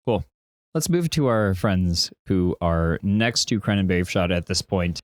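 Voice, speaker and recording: A man narrating a tabletop game as game master on a podcast, telling the scene in a descriptive, animated way. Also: low voice, a little slow, no room sound, studio quality.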